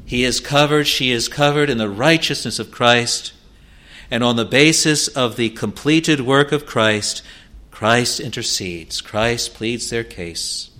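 A man preaching a sermon in an earnest, pleading manner, slowing for scripture and rising to emphatic peaks. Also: on the low side, a bit bright. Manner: slow, deliberate delivery of scripture.

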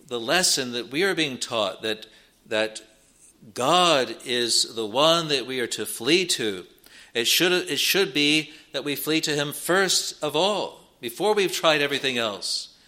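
A man preaching a sermon, earnest, rising in pitch and force when he quotes scripture. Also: bright, forceful tone.

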